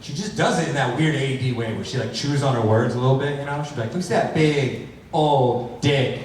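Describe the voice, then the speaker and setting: A man's voice: mid-range voice, very fast. A man performing a stand-up comedy set on a large theater stage, with a wry, playful delivery. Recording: very echoey hall from far off, loud crowd and noise. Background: crowd laughter.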